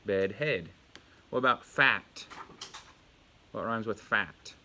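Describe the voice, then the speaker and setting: A man's voice: on the low side, slow, pushed and bright, slight background noise. A male elementary school teacher giving a home video lesson to young pupils, patiently asking questions and praising the answers.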